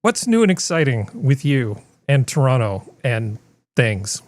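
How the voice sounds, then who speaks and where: A man's voice: medium pitch, sing-song, measured pace, no echo. A man hosting a casual panel show, keeping the banter wry and easygoing. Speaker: host.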